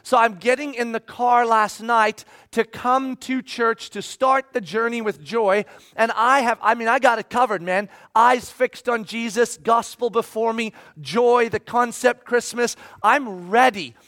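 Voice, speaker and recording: A pastor in his forties preaches a sermon, animatedly telling a personal story and bursting into shouts when he acts out scenes. His voice is very high and a little slow.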